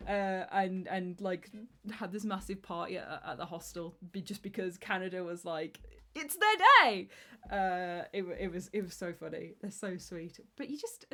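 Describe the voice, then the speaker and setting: This thirtysomething streamer talks in a loose, rambling, self-mocking way, restarting her thoughts frequently during a casual chat. Her voice is mid-range.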